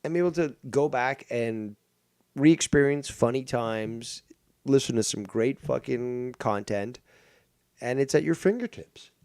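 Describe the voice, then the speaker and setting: A little slow and darkish in tone, this mid-range male voice belongs to a livestream host ranting casually in a profane, mocking ramble full of fillers and restarts. The recording has no echo.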